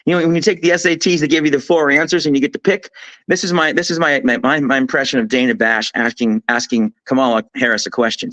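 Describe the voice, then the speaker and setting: A man talking as a guest commentator on a political talk show, emphatic and animated, telling things as a story with frequent restarts. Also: medium pitch, fast talker, no echo, low-quality recording.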